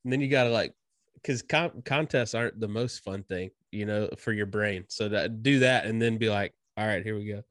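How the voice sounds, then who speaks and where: A man's voice: fairly low pitch, moderate pace, fairly bright tone, no echo, clean studio sound. A man hosting a casual chat, easygoing and asking follow-up questions. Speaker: podcast host.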